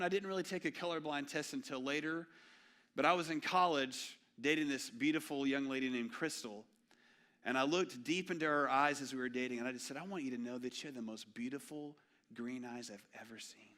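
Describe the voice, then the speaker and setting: Storytelling pastor, bright forceful voice. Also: male voice, mid-range voice, moderate pace. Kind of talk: sermon. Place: church sanctuary.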